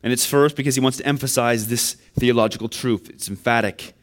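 A man's voice: mid-range voice, steady tone, a little fast. A man preaching a sermon, earnest and building to emphatic questions. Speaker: pastor.

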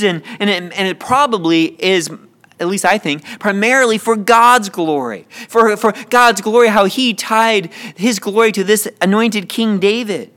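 Impassioned high-voiced male preacher. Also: fairly bright tone. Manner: impassioned, repeats words when building a point. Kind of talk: sermon.

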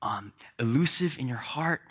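A man preaching a sermon as pastor, dropping to a hush and then rising loud and animated. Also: mid-range voice, moderate pace, slightly rough, lo-fi sound. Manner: swings from hushed to loud and animated.

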